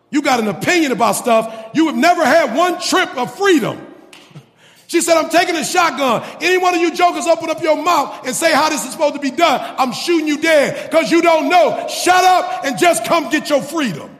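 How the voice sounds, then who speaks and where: A man preaching a sermon, swinging between shouting and hushed intensity. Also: extremely high pitch, lively intonation, normal speed. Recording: long reverb, music behind. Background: faint music.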